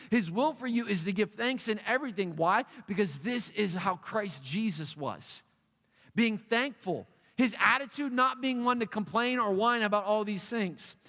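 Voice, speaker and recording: High-voiced youth pastor preaching in a hall. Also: male voice. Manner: animated, acts out a whining dog and whiny voices. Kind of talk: youth sermon. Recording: long hall reverb.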